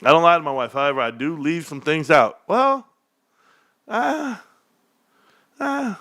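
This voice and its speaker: Pitched a little high, pushed and bright, this man talks at a quick pace. As a stock host on a casual livestream, he rambles through jokey stories, drops "bro" constantly, and laughs a lot.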